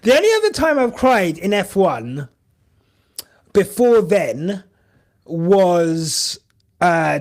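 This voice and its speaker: A young man with a high, gravelly voice hosts a podcast as a live stream, chatting casually and emotionally. He rambles, using lots of fillers.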